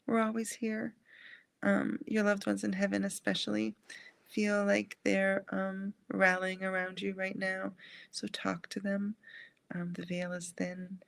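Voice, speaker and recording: A woman hosting a live angel card reading, speaking in a gentle, soothing and affirming way. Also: mid-range voice, monotone, unhurried, vocal fry, dry recording. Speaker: angel card reader and live stream host.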